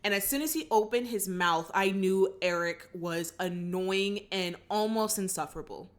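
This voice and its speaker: A woman hosting her channel, recapping a film in casual chat, animated and opinionated, acting out the characters' lines. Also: mid-range voice, normal speed, a little hiss or hum. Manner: opinionated, chatty. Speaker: channel host. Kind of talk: casual movie reaction recap.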